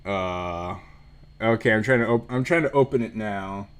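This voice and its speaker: A low-leaning, clean-toned male voice at normal speed belongs to a gaming streamer doing laid-back let's-play commentary. He reads viewers' comments, reacts with swearing and frequent laughter, and faint music plays underneath.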